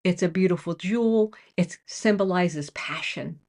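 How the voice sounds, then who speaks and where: Woman, lowish voice, testimony speaker, emotional storyteller, self-recorded to camera. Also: measured pace. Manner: emotional, storytelling, with restarts and rising excitement. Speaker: Christian speaker sharing a testimony. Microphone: own camera.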